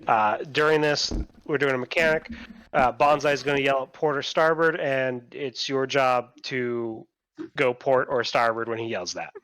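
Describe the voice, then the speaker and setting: A man of middle pitch runs an online tabletop game as dungeon master. He narrates in a halting way, restarting phrases and leaning on fillers. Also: a bit bright, clear, resonant tone.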